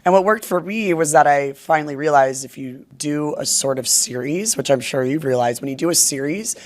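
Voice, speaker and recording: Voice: mid-range voice, fairly quick. A podcast host talking in a casual, upbeat, chatty way, with many fillers.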